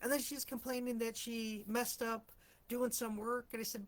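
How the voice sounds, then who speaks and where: Chatty woman with a bright, higher voice. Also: flat delivery, moderate pace. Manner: chatty storytelling, frequent throat clearing. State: slightly rusty morning voice. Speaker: host of a live stream for empaths. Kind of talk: casual live chat.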